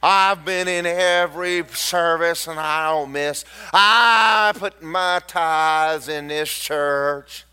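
A man's voice: on the high side, slow, few pauses, pushed and bright, clean tone, voice pushed down. A male preacher acting out a resentful longtime church usher who complains that he has been faithful for years and gets nothing. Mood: grumbling. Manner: complaining, aggrieved whine.

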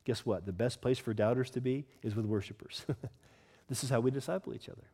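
A man preaching a sermon as pastor, earnest and teaching, asking the congregation questions and slowing down to stress scripture. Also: medium pitch, a little mellow, husky. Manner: stresses key words, slows down for scripture.

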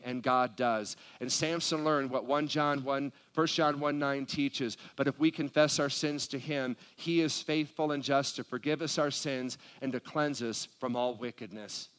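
A man's voice: mid-range voice, fairly even intonation, unhurried, few pauses, a bit bright, smooth. A middle-aged male pastor preaching a sermon, reading scripture aloud and then pleading with the congregation in prayer-like appeals. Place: church sanctuary.

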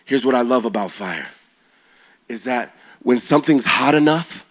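A middle-aged man, a youth pastor, telling a story as he preaches, his delivery swinging from hushed lines to shouts. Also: mid-range voice, lively intonation, normal speed. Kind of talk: energetic sermon storytelling.

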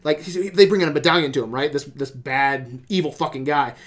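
A man's voice: fairly high pitch, a little fast. A man ranting about movies on a casual podcast, swearing a lot and sounding exasperated. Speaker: podcast host reviewing movies. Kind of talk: casual profane movie rant.

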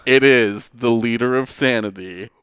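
Casting: young male podcast co-host, resonant voice, dry close sound, deadpan quizmaster. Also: medium pitch, a little slow, clean tone, no room sound. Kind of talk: casual chat, quiz-style tweet reading.

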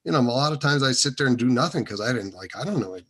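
A man's voice: mid-range voice, expressive, fast talker, fairly bright tone, breathy edge. A man being interviewed, telling his own faith story in a loose, rambling way with many restarts and fillers. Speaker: interview guest. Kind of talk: casual testimony.

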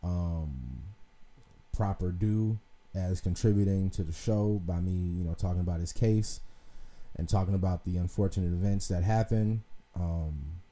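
Low, mellow, and a little slow, the young man's voice carries a loose commentary monologue on his podcast. He curses freely and often drifts off before starting a thought over.

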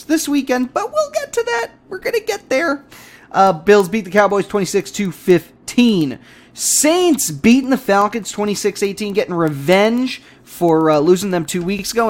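A man hosting a casual sports podcast, recapping games with jokey, self-mocking banter. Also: high-pitched. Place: home setup, face on camera.

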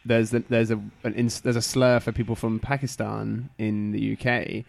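A man's voice: lowish voice, flat delivery, normal speed, creaky, darkish tone, no room sound. A British man co-hosting a podcast, chatting casually with wry, dry humor. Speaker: podcast co-host.

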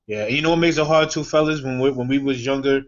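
A man's voice: medium pitch, fast talker. A man co-hosting a casual chat, joking and using slang. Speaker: podcast co-host. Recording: dull lo-fi recording.

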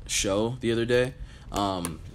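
A man's voice: lowish voice, slow pace, a little hiss or hum. A young man in casual chat, talking in an earnest, slangy way.

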